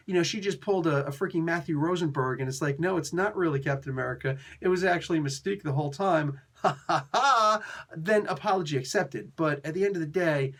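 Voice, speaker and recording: A man reviews comics in a casual, excitable rant. He gets playfully mock-outraged, throws in slang and laughs often. His voice sits on the high side for a man. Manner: excitable ranting with frequent laughs.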